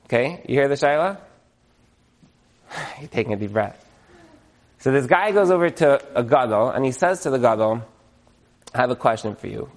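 A man giving a humorous religious lecture in front of an audience. He is animated, jokes, checks in with the listeners, and uses Jewish religious terms. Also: mid-range voice, moderate pace, pauses often. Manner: animated, joking, asks the audience questions. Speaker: speaker giving a talk to an audience.

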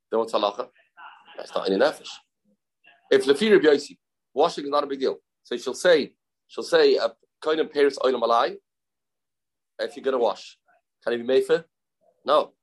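Halting man teaching a Talmud page. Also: medium pitch, poor audio. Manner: halting, repeats phrases, mixes English with Hebrew and Aramaic terms. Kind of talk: Talmud study class.

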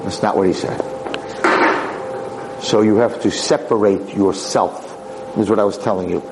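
A man's voice: lowish voice, fairly even intonation, normal speed, gravelly, noisy background. A man, a rabbi and teacher, giving a storytelling lecture, acting out dialogue with emphatic repetition.

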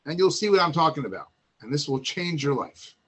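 A man voicing a wise older father calmly instructing his son in a retold Torah story. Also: on the high side, fairly quick, breathy edge. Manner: calm, instructive.

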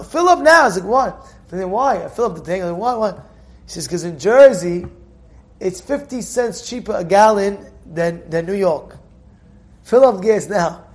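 A man giving an informal Torah lesson, telling stories animatedly with repeated phrases and acted-out dialogue. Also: very high-pitched.

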